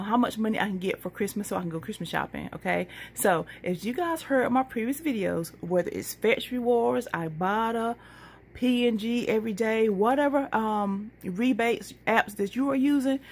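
Woman vlogger, casual and chatty, faint hiss behind. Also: medium pitch. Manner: chatty, warm, laughs often, addresses viewers as y'all. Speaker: couponing vlogger. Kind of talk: casual chat to viewers.

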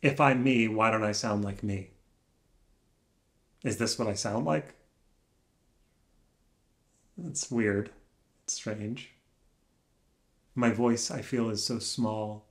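A man musing aloud alone in a room, soft-spoken and searching, speaking in halting phrases that trail off into pauses. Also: on the low side. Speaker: vlogger. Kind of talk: slow reflective musing.

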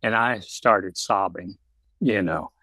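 An older man speaking slowly and haltingly in a reflective podcast conversation, pausing often and restarting his sentences. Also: low-pitched, sharp tone, dry recording. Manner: slow, halting, with many pauses and restarts. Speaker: guest.

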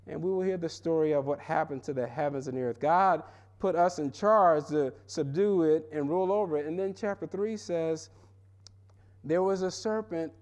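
High-voiced man preaching with animation. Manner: animated preaching, swings from loud and high to low and quiet. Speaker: pastor. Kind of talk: sermon. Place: seminary chapel.

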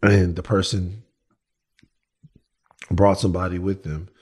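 A man's voice: deep voice, flat delivery, unhurried, darkish tone, breathy edge. A man co-hosting a podcast in casual chat, playful and given to singing his own jingles. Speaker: podcast co-host.

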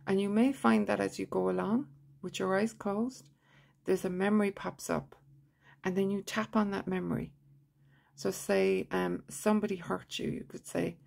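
A woman teaching a tapping technique, leading slow, repetitive guided affirmations in a soft voice. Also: mid-range voice, fairly even intonation, a little hiss or hum. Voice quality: gravelly, husky voice.

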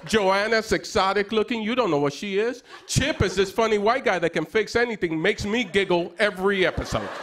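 A man in his thirties doing self-deprecating stand-up comedy on a TV stage, with a wry, joking manner and bursts of excited yelling. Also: high voice, a little slow. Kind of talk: stand-up set on late-night TV. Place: TV studio stage before a live audience. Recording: broadcast studio with loud crowd noise. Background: audience laughter and applause.

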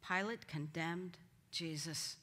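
A woman's voice: fairly low pitch, steady tone, takes it slowly, bright, forceful tone. A woman teaching a Bible study, acting out the quoted lines with dramatic emphasis. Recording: hall reverb.

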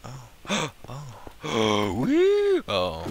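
A young man giving casual, profane gameplay commentary, jumping from low mutters to squealing shouts. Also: huge pitch swings, very slow, slight background noise. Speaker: gaming channel host.

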